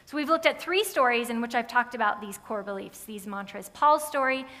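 A woman's voice: on the high side, fairly quick, sharp tone. A woman preaching a sermon in a conversational storytelling way, acting out the voices of the people in her stories. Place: large church sanctuary. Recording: long reverb of a big hall.

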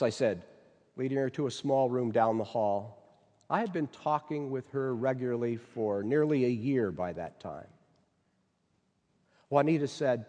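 A man serving as a chaplain gives a devotional sermon in a slow, measured, earnest way. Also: mid-range voice, mellow, in a large hall.

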